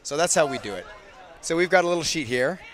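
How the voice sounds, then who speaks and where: A man calling a game from a commentary booth on a booth microphone, joking with his co-host and bursting loud on big plays. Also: a little high, lively intonation, fast talker. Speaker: sports commentator. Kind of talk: play-by-play commentary with banter.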